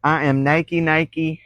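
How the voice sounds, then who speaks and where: A woman's voice: deep voice, fairly bright tone, dry recording, lo-fi sound. Drawling woman, laughing storyteller. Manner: laughs often while telling stories. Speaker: crafting channel host. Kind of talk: casual livestream storytelling.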